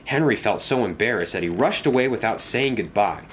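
Lively male storybook narrator. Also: on the low side, brisk, slight background noise.

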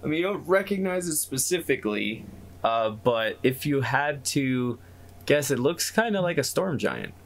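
A man running a tabletop game as game master, narrating in a relaxed, meandering way. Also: mid-range voice, normal speed, vocal fry.

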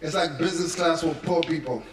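On a comedy stage, a South African man with a fairly high voice delivers stand-up at a fairly quick clip, telling stories and acting out the quotes. The venue is echoey and distant, with heavy background noise and loud audience laughter.

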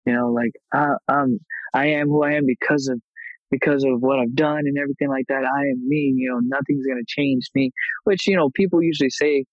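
A man in his thirties speaks candidly as a podcast guest, reflective and open about his past. His voice sits at an ordinary middle pitch and he grows animated when retelling moments. The sound is dry and close with no room echo. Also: fairly quick, lo-fi sound. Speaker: martial arts instructor and guest. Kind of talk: casual podcast interview storytelling.

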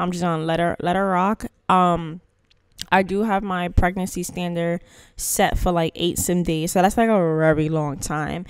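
A woman's voice: lowish voice, clean tone, no room sound, studio quality. A woman giving casual, chatty gameplay commentary to her channel's viewers, playful and slangy in her asides. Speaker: gaming channel host.

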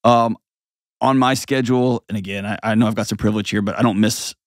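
Blunt, animated male advice host. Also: lowish voice, quick pace, dry recording, studio quality. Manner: emphatic, animated, blunt, mocking voices. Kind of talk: advice show chat. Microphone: studio mic.

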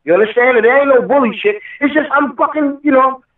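A man's voice: extremely high pitch, fairly quick. A man telling a long, emotional story in an interview, rambling and swearing often. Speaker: guest rapper. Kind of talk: storytelling interview over the phone. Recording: echoey, far-off phone line.

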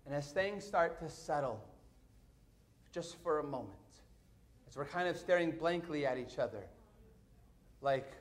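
A middle-aged man, a pastor, telling a story in a sermon, animated and swinging from hushed to excited. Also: a little high.

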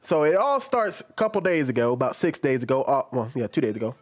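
A man's voice: mid-range voice, sing-song, quick pace, soft background music. A man giving casual commentary on social media posts, rambling and correcting himself as he goes. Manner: rambling, self-correcting, reads posts aloud.

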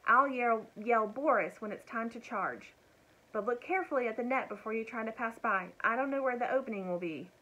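A woman voicing a brave, eager young boy in a storybook read-aloud, talking in an urgent, excited way. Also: a little high, brisk, highs cut off.

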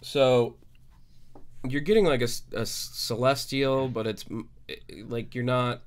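A man narrating as game master, halting and full of fillers. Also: mid-range voice, fairly even intonation, clean tone.

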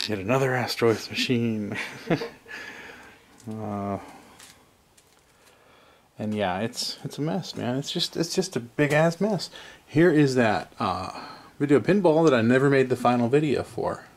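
In a cluttered home garage, a man hosts a casual hands-on arcade repair vlog. His medium-pitched voice is unhurried and pauses often, and he rambles, interrupts himself, and chuckles along the way.

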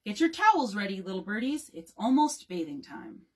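A woman's voice: medium pitch, very animated, moderate pace, breathy edge. A woman voicing a confident, showy father of a big family in a read-aloud storybook, with a grand, playful delivery. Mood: boastful.

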